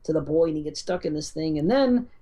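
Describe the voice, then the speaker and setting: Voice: medium pitch, lively intonation, fast talker, warm tone. A podcast co-host retelling a film's ending in casual chat, rambling and swearing freely. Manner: profane, rambling storyteller. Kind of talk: casual film review chat.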